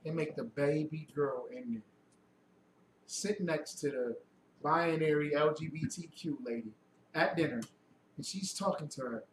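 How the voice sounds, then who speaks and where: A man's voice: fairly high pitch, unhurried. A man giving a heated lecture to a group, preachy and mocking, firing off rhetorical questions. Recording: echoey room, mic far off, faint noise.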